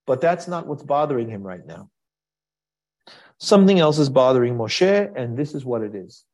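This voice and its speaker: A man's voice: on the high side, darkish tone. A man teaching a Torah class in a conversational style, asking rhetorical questions and quoting Hebrew verses.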